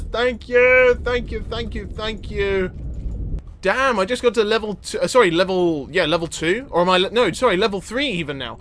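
A young man giving excitable gameplay commentary, often yelling and laughing. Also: sits high, moderate pace, slight background noise. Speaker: gaming video host.

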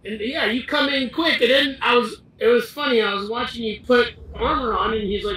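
A man on voice chat, excitedly retelling a game moment with lots of swearing, through a cheap microphone. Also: very high voice, fairly quick. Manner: excitable, swearing, laughing storyteller. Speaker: fellow player on voice chat. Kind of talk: casual gaming chat. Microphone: cheap desktop mic. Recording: echoey, distant cheap mic.

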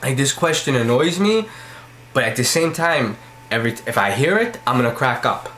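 A man's voice: medium pitch, big pitch swings, moderate pace, fairly bright tone, a little hiss or hum. A young adult man hosting a comedy vlog, ranting in a profane, rambling way and repeating his lines over and over. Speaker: vlog host. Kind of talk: comedy rant to camera.

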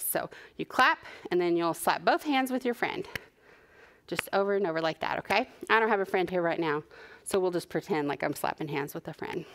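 A young adult woman leading a preschool story time, talking to small children in an animated, encouraging sing-song. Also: fairly low pitch. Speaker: children's librarian.

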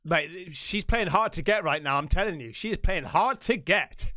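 A man's voice: sits high, expressive, moderate pace, bright, forceful tone. A man hosting a movie reaction, swearing freely and laughing as he calls everyone mate. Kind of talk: casual reaction commentary.

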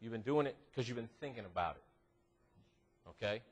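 A man leads a church youth devotional, joking and teasing the teens as he goes. His voice is a bit husky, and his pitch swoops widely from low mutters to high, excited exclamations. The sound is slightly distant, picked up in a room. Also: a little fast. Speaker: youth minister. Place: church classroom.

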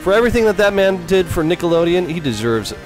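Excitable, foul-mouthed young gamer guy. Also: sits high, fast. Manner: excitable, swears a lot, shouts when winning. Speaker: let's play host. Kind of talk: casual gaming chat. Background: faint game music.

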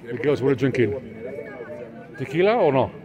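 A man's voice: medium pitch, lively intonation, moderate pace. Chatty Englishman vlogging through a crowded market. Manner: chatty, pointing out stalls to camera, mixing broken Spanish. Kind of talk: casual walking vlog. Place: busy outdoor street market. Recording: noisy outdoor market crowd. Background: crowd chatter and passing traffic.

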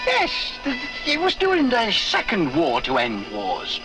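A man's voice: sits high, over music, heavily acted, low-quality recording. An actor playing a joking old male miner who tells tall tales in colloquial slang, drawing out his punchlines. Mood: dry joking. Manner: animated storyteller, drawn-out punchlines. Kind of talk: film dialogue.

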